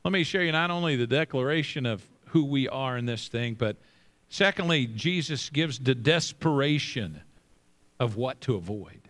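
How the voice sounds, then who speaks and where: A middle-aged male pastor preaching with emphasis, slowing down and repeating phrases, dropping his voice low for scripture. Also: lively intonation, a bit bright. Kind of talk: sermon.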